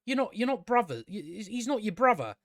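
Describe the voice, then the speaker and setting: A man's voice: high-pitched, sing-song, a little fast, fairly bright tone, no echo, studio quality. A man giving a rambling, exasperated and profane casual review of a TV show as host of his own channel. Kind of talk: casual spoken review commentary.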